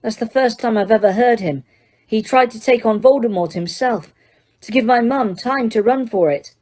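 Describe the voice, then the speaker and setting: A woman's voice: normal speed, lightly acted. A woman voicing a determined teenage boy wizard. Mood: earnest. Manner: yells spells in strained high shouts. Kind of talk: audiobook character reading.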